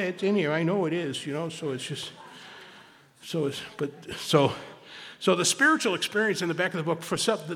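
A man's voice: sits high, bright, forceful tone. A man speaking at a recovery meeting, rambling and repeating himself, with self-mocking humor. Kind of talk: casual sharing talk. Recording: long reverb in a hall.

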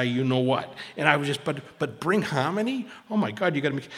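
A man's voice: on the high side, lively intonation, normal speed, vocal fry, few pauses, fairly bright tone. A man speaking informally at a recovery meeting, rambling with many restarts and repeated words, and often slipping into other people's voices. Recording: long hall reverb.

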